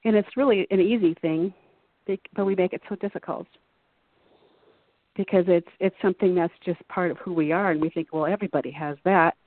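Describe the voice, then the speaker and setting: Brief: female guest, earnest and musing, lowish voice, dry tinny phone sound. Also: fairly even intonation, a little fast, long pauses, no echo. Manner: earnest, reflective, rambling with fillers. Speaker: guest artist. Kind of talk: casual interview chat.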